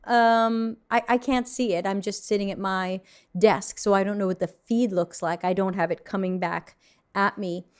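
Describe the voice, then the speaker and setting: A woman hosts a casual livestream from her desk, reading out viewer submissions and reacting to them. She is frank and mildly snarky, filling her talk with ums and restarts. Her pitch sits right in the middle of the usual range. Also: steady tone, moderate pace.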